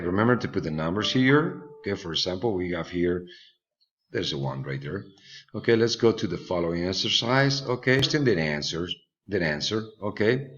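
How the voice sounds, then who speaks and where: Slow, very low-voiced male teacher. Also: a bit bright. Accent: Spanish. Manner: slow, patient, with many fillers and repetitions. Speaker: English teacher. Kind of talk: online English lesson for children. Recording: dull lo-fi recording.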